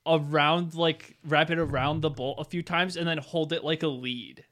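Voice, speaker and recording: A man playing a tabletop game, talking in a halting way with many restarts and repeated words. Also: on the high side, steady tone, a bit bright. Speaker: player. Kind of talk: casual tabletop play.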